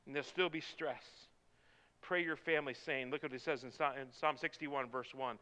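A man preaching a sermon, swinging from hushed, slow prayer to shouted appeals. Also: high voice, creaky, clear, resonant tone. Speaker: pastor. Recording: long hall reverb.

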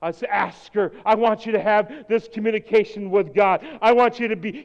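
Impassioned high-voiced male preacher. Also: normal speed, few pauses. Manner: swings from quiet intensity to shouted exhortation. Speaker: pastor. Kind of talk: sermon. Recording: long hall reverb.

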